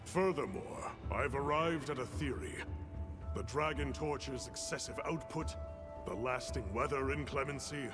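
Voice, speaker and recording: A man voicing a stern male professor in a video game, giving a formal, measured report. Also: mid-range voice, natural voice. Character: stern male scholar professor briefing hunters. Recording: game audio with music bed.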